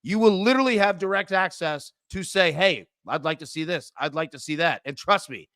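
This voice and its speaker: Bright-voiced man pitching with excitement. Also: no echo, clean studio sound. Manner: fast, emphatic, repeats 'literally'. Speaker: co-host. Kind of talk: excited sales pitch and betting talk.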